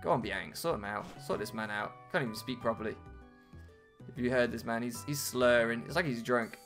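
Chatty let's-play host. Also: male voice, medium pitch, brisk, fairly bright tone. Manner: chatty, self-mocking. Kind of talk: casual gameplay commentary. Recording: game music behind.

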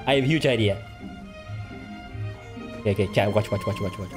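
A streamer giving excitable live gameplay commentary, full of trash talk, laughter, repeated taunts and non-native English grammar. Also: medium pitch, normal speed, long pauses, soft background music. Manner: taunting, repeats short phrases.

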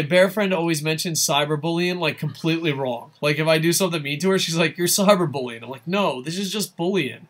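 A man streaming a hockey video game live, swearing often and chatting excitedly with his viewers. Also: fairly high pitch, a little fast. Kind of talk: live gameplay commentary.

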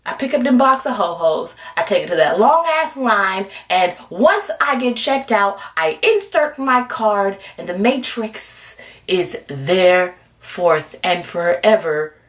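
A woman telling a comic story about herself in a sassy, animated way, acting out voices and singing some lines. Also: medium pitch, slow. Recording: music playing behind.

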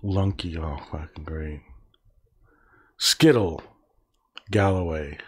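A man's voice: very deep voice, slow pace, slightly rough. A man hosting a casual livestream, reading words aloud and reacting with profane, sarcastic, muttered asides. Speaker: livestream host.

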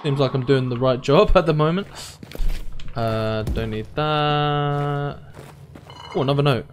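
Young gaming commentator, chatty, playful, reacting aloud, faint noise. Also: male voice, fairly high pitch, a little slow. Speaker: gaming YouTuber. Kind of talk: let's play commentary.

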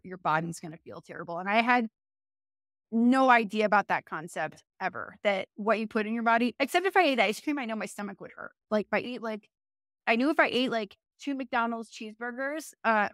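A woman's voice: mid-range voice, fairly bright tone, no room sound, studio quality. Chatty woman telling her story. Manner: chatty, frequent fillers and self-corrections, laughs often. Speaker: interview guest. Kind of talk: casual conversational storytelling.

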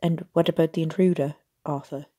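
A woman voicing a brisk, gruff wizard official. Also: deep voice, steady tone, warm tone. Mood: hurried. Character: gruff harried middle-aged wizard official, a talking head.

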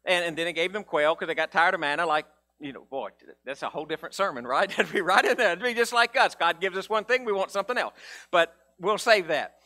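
Man, pastor, conversational sermon, animated, repeats words, high voice, bright tone. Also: quick pace. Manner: conversational, animated preaching with frequent restarts and acted quotes.

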